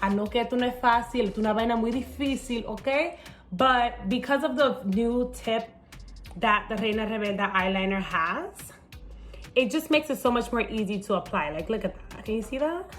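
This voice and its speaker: A woman comedian and TV host, her voice a little high and her pace moderate, chats casually through a playful makeup tutorial. She swears freely and slips into Spanish while light music plays underneath.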